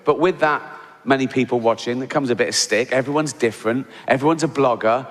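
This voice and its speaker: A man's voice: mid-range voice, brisk. A man performing a stand-up comedy routine in a dry, mocking manner, now and then acting out voices. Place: large venue with live audience. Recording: live hall reverb, loud crowd laughter.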